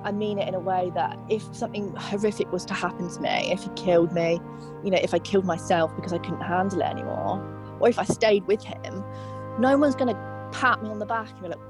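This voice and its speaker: Candid young woman, halting testimony. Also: mid-range voice, over music. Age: young adult. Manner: candid, halting, many "like" fillers. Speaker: interviewee. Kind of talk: personal testimony.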